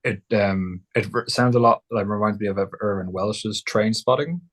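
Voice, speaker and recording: A man co-hosting a podcast in casual chat, thoughtful and measured, with many ums. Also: fairly low pitch, a little hiss or hum. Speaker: podcast co-host.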